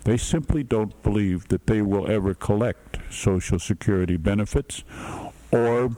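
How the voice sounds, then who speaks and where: Low-voiced man giving measured political analysis. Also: dark tone, rough recording. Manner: deliberate, with frequent "uh" pauses.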